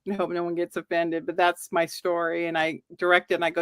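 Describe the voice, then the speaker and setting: A woman's voice: fairly low pitch, a little fast, few pauses, no room sound, studio quality. A middle-aged woman telling a personal ghost story, acting out the lines she quotes. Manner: animated, acts out quoted lines. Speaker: guest storyteller.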